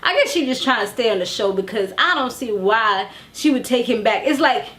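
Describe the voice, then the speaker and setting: A woman's voice: a little high, expressive, a little fast, a bit bright. A woman reviewing a reality TV episode in a casual, chatty, slangy recap.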